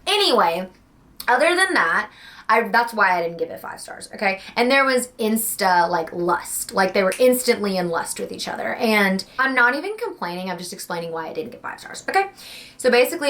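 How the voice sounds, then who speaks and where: A young woman casually chatting about books she read, gushing and slangy, animated and talkative. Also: mid-range voice. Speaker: book vlogger. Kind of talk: casual book review chat.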